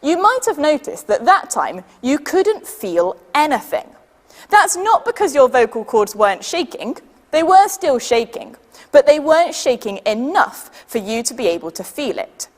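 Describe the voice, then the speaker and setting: A woman with a British accent leading a children's science demonstration, patient and lively, counting down for the audience to join in. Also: sits high, moderate pace, in a large hall. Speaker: science workshop leader.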